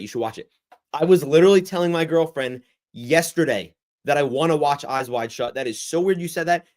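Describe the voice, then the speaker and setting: A young man hosting a casual livestream Q&A, rambling and reacting to the chat in a lively, chatty way. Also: mid-range voice. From United States. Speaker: livestream host.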